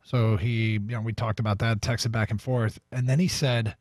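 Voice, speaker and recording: A man's voice: fairly low pitch, fairly even intonation, moderate pace, darkish tone, dry recording, clean studio sound. Man hosting a sports radio talk segment. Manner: chatty, runs the segment, reads the call-in number. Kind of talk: casual sports radio chat.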